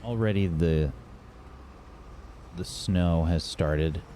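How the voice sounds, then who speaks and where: A man narrating as game master in short, measured sentences. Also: low voice, warm tone, slight background noise.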